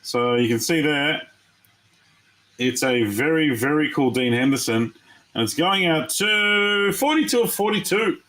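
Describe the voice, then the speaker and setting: A man's voice: a little high, measured pace, poor audio. A man from Australia hosting a live trading card break, chatting casually with viewers and reacting to each pull. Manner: chatty, excitable, talks to viewers. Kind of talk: casual live-stream commentary.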